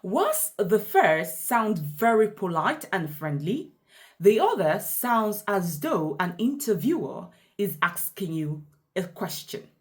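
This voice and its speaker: A woman teaches English pronunciation in an unhurried, measured way. Her pitch swings widely as she acts out example words and sentences, exaggerating the stress in each one. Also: very animated. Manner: slow, deliberate, exaggerated example readings. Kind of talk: scripted pronunciation lesson.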